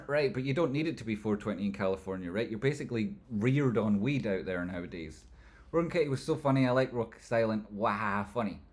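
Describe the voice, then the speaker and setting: Joking man hosting a livestream, lowish voice. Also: lively intonation, a little mellow. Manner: joking, rambling, quick jumps between banter and analysis. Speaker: livestream host. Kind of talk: casual livestream chat reading viewer comments.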